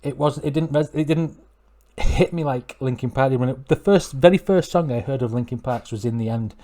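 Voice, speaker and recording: A man's voice: mid-range voice, fairly quick. A middle-aged man hosts a music reaction video. He rambles and keeps correcting himself as he gets worked up about a song. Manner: rambling, self-correcting, excitable. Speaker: music reaction channel host. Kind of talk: casual reaction commentary.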